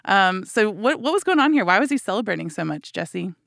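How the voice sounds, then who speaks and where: A woman's voice: medium pitch, sing-song, brisk, vocal fry, a bit bright, no room sound, studio quality. Affirming woman hosting a Bible podcast. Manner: affirming, leads with questions. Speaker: podcast host.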